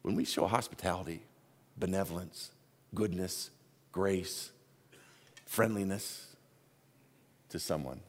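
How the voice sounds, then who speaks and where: A man preaching a sermon as the pastor, telling stories with his voice swinging from hushed asides to loud exclaims. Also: deep voice, slow, long pauses.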